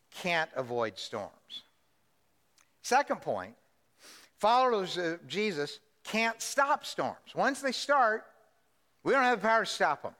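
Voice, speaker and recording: Male pastor preaching in a big church hall, high lively voice, lots of reverb, keeps asking the crowd stuff. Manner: animated, asks the congregation questions. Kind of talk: sermon.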